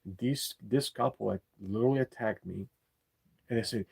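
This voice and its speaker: A man's voice: on the low side, normal speed, vocal fry, darkish tone, slightly rough. A man telling a story in a casual, indignant rant, swearing often and circling back over his points. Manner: indignant, swears freely, loops back and repeats himself. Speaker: delivery driver and channel host.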